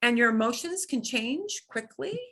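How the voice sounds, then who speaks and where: A woman's voice: a little high, lively intonation, moderate pace, sharp tone, breathy edge. A woman teaching a beginners' Spanish class, explaining patiently with examples and repetition. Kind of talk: classroom lesson.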